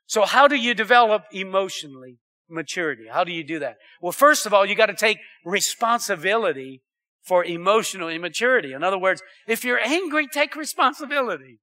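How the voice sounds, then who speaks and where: A man preaching to his congregation. His voice sits high and rings bright and forceful, and he keeps turning to the crowd with questions as he swings between loud and hushed. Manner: animated preaching with audience call-outs. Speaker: pastor. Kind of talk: sermon.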